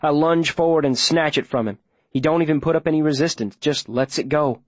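A man's voice: a little high, a little fast, dry recording. Man narrating a first-person audiobook.

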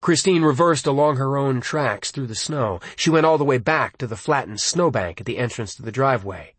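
A man reading a suspenseful novel aloud as an audiobook, in a measured, dramatic storytelling style. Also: medium pitch, expressive, slightly rough, no room sound. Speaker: audiobook narrator.

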